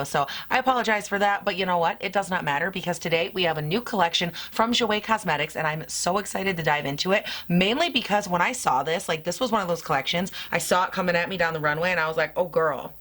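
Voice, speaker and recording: A woman with a hoarse, squeaky voice, as if losing it, chatting enthusiastically through a casual makeup product review. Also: quick pace, few pauses, a bit bright. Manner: chatty and enthusiastic, addresses viewers as y'all. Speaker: beauty vlogger.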